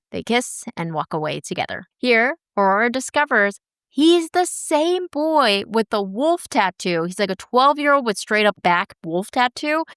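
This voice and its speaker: A woman's voice: fairly high pitch, fairly bright tone, clean tone, no room sound, clean studio sound. A woman co-hosting a podcast, recapping a drama in casual chat with a wry, chatty manner. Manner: chatty, wry, laughs often. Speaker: podcast co-host.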